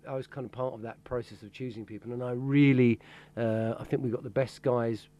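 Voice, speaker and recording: A man's voice: medium pitch, steady tone, fairly quick, warm tone. A man in a tribute band, chatting casually in an interview, rambling with fillers and laughter.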